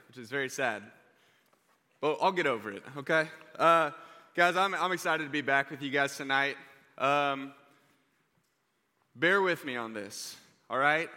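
Bright-voiced young male youth preacher. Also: a little high. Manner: energetic, joking, conversational. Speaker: youth pastor. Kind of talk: youth sermon with storytelling. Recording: reverberant hall.

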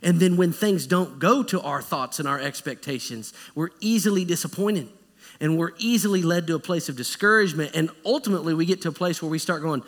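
A man preaching a sermon as pastor, in a conversational, animated style that acts out quotes. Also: fairly high pitch, fairly quick. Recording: echoey church hall.

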